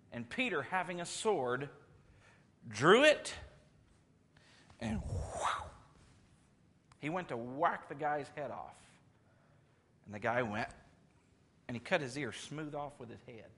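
A man preaching a sermon in lively storytelling fashion, swinging his pitch and volume as he retells scenes.

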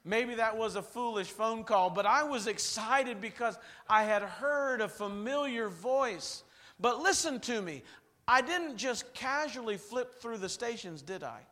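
A man preaching a revival sermon, telling stories dramatically and swinging from loud bursts to hushed lines. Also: very high-pitched, animated, a little slow.

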